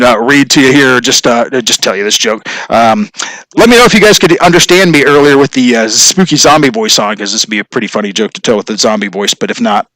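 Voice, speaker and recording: A middle-aged man hosting a casual home livestream, talking in a loose, rambling way and chuckling at his own corny jokes. His voice sits a little high for a man and has a bright, forward edge. The sound is dry and close, with little room in it. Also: dry recording, low-quality recording. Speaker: livestream host. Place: home workshop studio.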